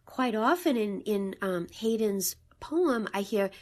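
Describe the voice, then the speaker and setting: A woman's voice: medium pitch, animated, slow. A woman co-hosting a podcast, explaining a poem's rhythm with enthusiasm. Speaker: podcast co-host. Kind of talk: casual poetry discussion.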